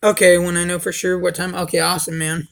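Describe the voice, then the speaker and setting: A man's voice: high voice, monotone, fast, creaky, a bit bright. Rambling guy on a livestream. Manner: rambling, profane, says dude a lot. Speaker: livestream host. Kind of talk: casual livestream chat.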